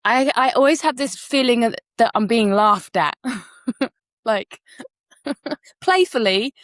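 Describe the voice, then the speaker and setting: A woman's voice: a little high, animated, moderate pace, dry recording, clean studio sound. A woman co-hosting a casual podcast conversation who tells candid personal stories, laughing and swearing freely. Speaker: podcast co-host.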